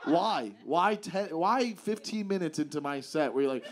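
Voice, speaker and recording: A man's voice: a little high, animated, moderate pace, hardly any pauses, a little hiss or hum. A man doing profane stand-up crowd work on a club stage, teasing audience members over a handheld mic. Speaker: stand-up comedian. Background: audience laughter.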